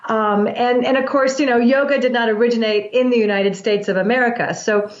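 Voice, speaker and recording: Woman, earnest explainer, flowing talk with restarts, slightly high voice, roomy dull recording. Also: steady tone, brisk. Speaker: guest, breath work practitioner.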